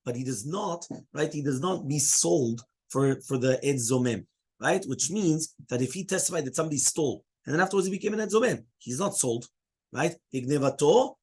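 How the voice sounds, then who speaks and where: A rabbi with a husky, mid-range voice leads a Talmud study class, speaking fairly quickly with lively intonation. He walks through the material step by step, takes students' questions, and keeps checking in with "right?".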